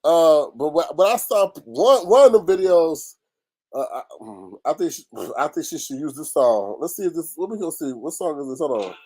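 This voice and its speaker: A man hosting a casual commentary show, talking in a loose, animated, slangy way. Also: fairly high pitch, normal speed, few pauses, breathy edge.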